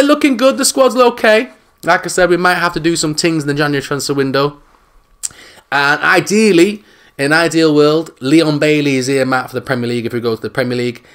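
A man giving casual, jokey commentary over his own football video game, loud and excitable at big moments. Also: medium pitch. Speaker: gaming YouTuber.

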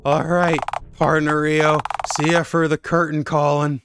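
A man's voice: on the high side, level tone, a little slow, background noise. A man reading game dialogue aloud as a cheery, neighborly man who calls everyone partner in a homey drawl. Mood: folksy. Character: folksy cheery neighborly man, doomsday-calm. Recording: game music behind.

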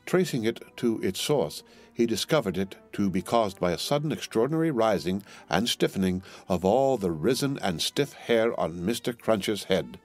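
A man narrating a classic novel as an audiobook, in a measured storytelling manner. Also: fairly low pitch, expressive, soft background music.

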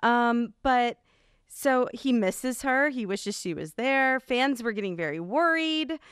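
A woman co-hosting an entertainment news panel, chatty and quick to react. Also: on the high side, expressive, fairly bright tone, clean tone, no echo, clean studio sound. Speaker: co-host. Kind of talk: casual panel chat.

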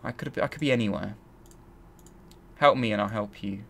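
A man's voice: fairly low pitch, a little fast, creaky, fairly bright tone, a little hiss or hum. A man hosting a let's play, thinking aloud and grumbling as he searches. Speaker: gaming channel host.

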